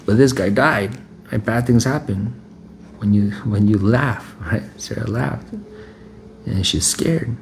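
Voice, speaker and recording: A man preaches informally, reading scripture and then explaining it conversationally while repeating his phrases and checking in with "right?" His voice is fairly low and slow, with a little hiss or hum on the recording.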